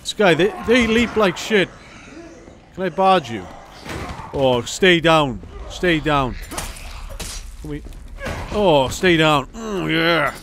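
A man giving gameplay commentary as a let's play host; he is excitable and jokey and swears a lot. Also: a little high, a little hiss or hum.

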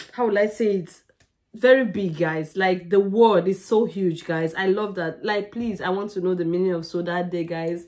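A woman from Nigeria, hosting a music reaction channel and gushing over a song. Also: mid-range voice. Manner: gushing and excitable, keeps saying "guys". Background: faint song playing.

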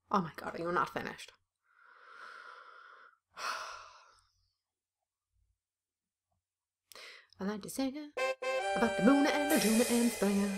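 A young woman giving loud, profane, jokey commentary while playing a video game. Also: medium pitch. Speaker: gameplay streamer. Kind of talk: let's play commentary.

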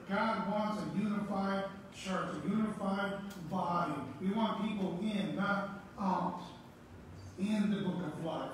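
A man's voice: sits high, measured pace, a little hiss or hum. A man preaching a sermon, emphatic, repeating key words for stress. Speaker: pastor. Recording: echoey room, voice from far off.

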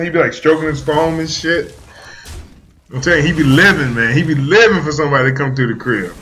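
A young man streaming a card game, riffing in an animated, profane, storytelling banter. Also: a little high, quick pace, slight background noise. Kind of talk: comedic riffing while playing a card game.

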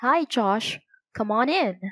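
A woman's voice: on the high side, lively intonation, slow, fairly bright tone, no echo, heavily acted. A woman reading the part of an eager, helpful young boy in a storybook, in a friendly, slightly raised voice.

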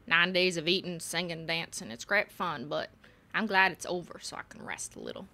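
A homesick young woman with a Texan accent reads out her letter , as a streamer puts her on. The voice stays bright and gentle. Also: on the low side, expressive, normal speed. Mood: wistful. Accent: put-on Texan. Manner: reading a letter aloud.

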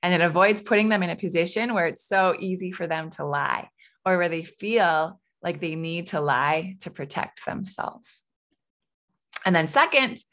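With a fairly bright voice on the low side, a woman in her thirties offers advice on her solo parenting podcast. Her style is conversational coaching, sprinkled with frequent "right?"

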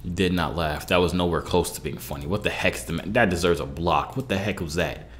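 A man's voice: low voice, brisk, fairly bright tone, soft background music. Unimpressed young man reacting to clips. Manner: unimpressed, complaining, pleading with viewers. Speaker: reaction video host. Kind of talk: casual reaction commentary.

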